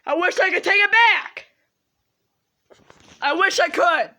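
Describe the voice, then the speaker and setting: A teenage girl vlogging an emotional, tearful apology monologue to the camera, rambling and shouting at times. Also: very high voice, unhurried. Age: teens.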